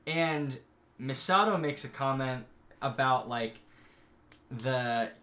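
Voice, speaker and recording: A man co-hosting a podcast in casual chat, recapping episodes and acting out the characters' lines in quick put-on voices. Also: mid-range voice, pushed and bright. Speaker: podcast co-host.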